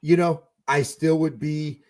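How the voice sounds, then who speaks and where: A man co-hosting a casual sports fan podcast, profane and excitable, swinging between loud bursts and mutters. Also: on the high side, measured pace. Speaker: podcast co-host.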